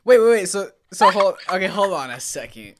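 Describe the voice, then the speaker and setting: A man co-hosting a podcast who reacts to a story in casual chat, asking quick questions and mimicking the people in it. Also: high-pitched, lively intonation, crowd noise. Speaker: podcast co-host.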